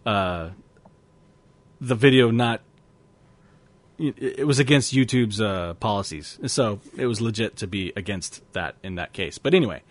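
Giggly podcast man with a lively voice. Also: mid-range voice, dry recording. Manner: laughs often, rambling retellings. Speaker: podcast co-host. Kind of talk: casual podcast banter.

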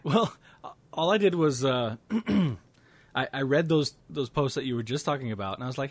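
A man's voice: medium pitch, lively intonation, normal speed, dry recording. A man co-hosting a podcast in casual chat, laughing often and restarting his sentences. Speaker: podcast co-host.

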